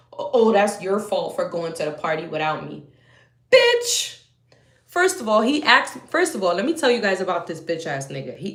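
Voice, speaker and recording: A young woman telling a story in a heated, profane rant that swings between loud outbursts and low muttering. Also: echoey room.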